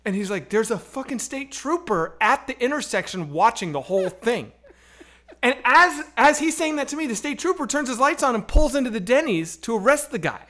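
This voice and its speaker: Male comedy host, storytelling, lively pitch, bright edge, profane. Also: a little fast. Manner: animated, profane, acts out the voices in his story. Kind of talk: storytelling on a stream.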